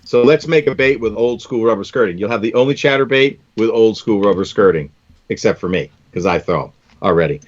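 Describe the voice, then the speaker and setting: A man's voice: fairly low pitch, a little fast, dull audio. A man hosting a live stream, chatting casually and enthusiastically while tying fishing lures, often calling people "man".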